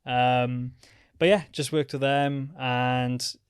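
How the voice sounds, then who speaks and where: A young man talking casually on a podcast, rambling and filling gaps with "um" and "like." His voice is smooth and clear, recorded close and dry with no room sound. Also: mid-range voice, little pitch movement, slow, dry recording. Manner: chatty, rambling with fillers. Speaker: podcast guest, freelance photographer. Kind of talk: casual chat.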